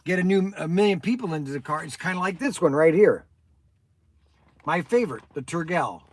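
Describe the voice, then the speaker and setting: A man's voice: sits high, lively intonation, brisk. An older man hosting a casual livestream, rambling and chatty as he answers viewers by name. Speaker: toy shop host answering viewers.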